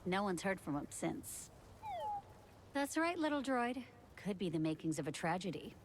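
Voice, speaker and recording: An actress playing a shrewd, folksy prospector, pitching a deal in a game. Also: female voice, very animated, moderate pace, slight background noise, lightly acted. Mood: sly.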